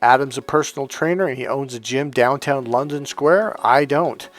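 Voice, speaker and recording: A man's voice: mid-range voice, normal speed. A man coaching on dating, telling a story in a casual monologue, swearing bluntly and acting out what people said. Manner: blunt and profane, swearing often; animated, acting out quotes from a story.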